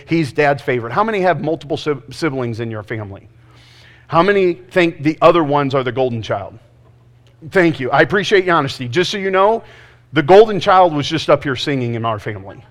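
Joking man preaching a sermon. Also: a little high. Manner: joking, conversational, self-deprecating. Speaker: pastor.

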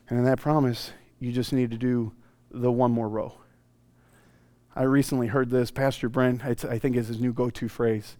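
Animated male pastor preaching, dry sound. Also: mid-range voice, normal speed, no room sound. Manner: animated storytelling, swinging from loud to hushed. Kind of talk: sermon.

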